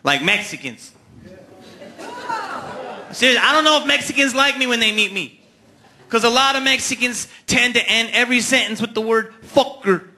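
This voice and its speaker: A man performing a stand-up comedy routine on a live stage, telling stories with animated punchlines into a handheld mic. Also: very high-pitched, moderate pace, long pauses. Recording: live club recording with crowd laughter.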